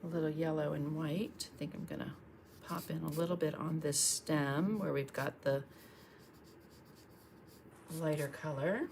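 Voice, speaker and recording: A woman's voice: low voice, fairly even intonation, a little slow, creaky, long pauses, a little mellow, slight background noise. A woman, chatting and encouraging while she demonstrates painting on a livestream.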